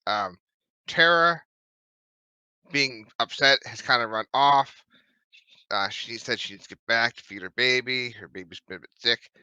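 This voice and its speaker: A man narrating as dungeon master in a tabletop game, in a loose, halting way with many fillers. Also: medium pitch, pushed and bright, clean tone, dry recording, muffled recording.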